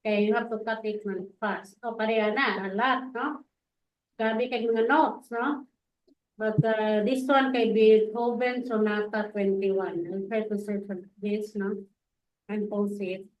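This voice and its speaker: A woman's voice: mid-range voice, fairly even intonation, measured pace. A woman teaching music notes, casual and chatty, mixing languages and adding tag questions. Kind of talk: casual lesson, code-switching. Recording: echoey room, dull lo-fi sound.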